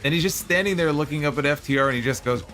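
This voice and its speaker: A man co-hosting a casual chat show, animated and opinionated, laughing easily. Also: fairly high pitch, racing, soft background music. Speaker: podcast co-host.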